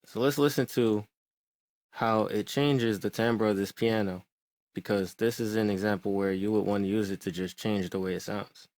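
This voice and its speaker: A man explaining music production in a relaxed, conversational way, thinking aloud as he goes. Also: lowish voice, normal speed, dry recording. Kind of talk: tutorial explanation.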